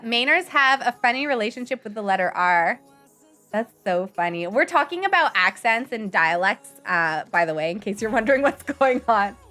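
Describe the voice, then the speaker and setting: A young woman with a bright, slightly high voice chats and giggles her way through a live game stream. She is bubbly and warm with her viewers, and quiet game music plays softly behind her. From grew up bilingual in French and English. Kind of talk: casual live-stream chat over gameplay.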